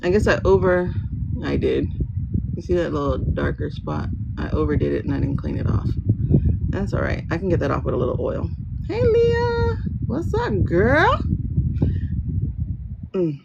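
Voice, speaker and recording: Woman, livestream host, gravelly and animated, chatty and rambling; dull lo-fi phone audio over loud noise. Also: sits low, fairly quick. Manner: rambling, chatty, greets viewers by name. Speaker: livestream tarot reader. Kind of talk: casual livestream chat. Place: room at home, indoors.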